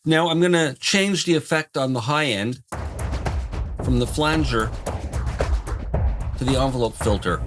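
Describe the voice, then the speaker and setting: Guy walking thru a music software tutorial, calm and technical, loud orchestral music playing under him. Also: medium pitch, a little slow, pauses often. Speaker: music production instructor. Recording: voice over loud background music.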